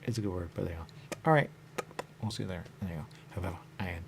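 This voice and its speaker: A male radio host talks fast in a low, gravelly voice, with background noise audible. He rambles on his own in a drifting, repetitive monologue, leaning heavily on the phrase "there you go."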